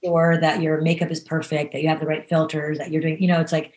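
Earnest low-voiced woman, chatty guest. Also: fast talker. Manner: animated, many fillers and restarts, earnest. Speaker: podcast guest. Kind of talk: casual interview talk.

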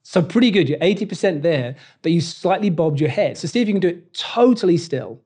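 British man, body language coach, mellow voice, slightly high pitch, animated interview talk. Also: brisk. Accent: British English. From Britain. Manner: animated, acts out quoted lines. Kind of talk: conversational interview.

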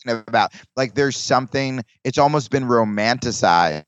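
A comedian guest talking in casual podcast chat, rambling with restarts and acting out quoted lines. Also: male voice, mid-range voice, expressive, moderate pace, dry recording, lo-fi sound.

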